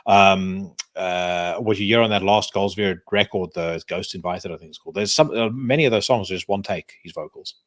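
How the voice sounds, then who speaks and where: A man's voice: deep voice, moderate pace, hardly any pauses, no room sound, studio quality. A man hosting a podcast interview, chatting casually and at length, with frequent restarts and swearing. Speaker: podcast host.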